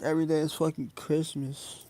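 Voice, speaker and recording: A man's voice: a little high, little pitch movement, moderate pace, mellow. A young man hosting a casual phone livestream, talking loosely in slang and addressing his viewers again and again. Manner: loose slangy talk, addresses chat often. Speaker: livestream host.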